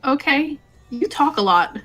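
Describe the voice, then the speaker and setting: A woman with a bright, sharp voice, speaking slowly at a game table. She answers tersely and dryly, hesitating along the way. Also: high-pitched, expressive, faint music behind. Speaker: tabletop player.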